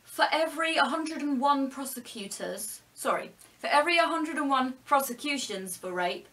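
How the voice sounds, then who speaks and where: A young woman talks straight to camera in an opinion vlog. Her voice is bright and a little high. She argues earnestly and lays out her points step by step. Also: lively intonation, moderate pace. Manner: earnest, argumentative, explaining step by step. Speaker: vlogger.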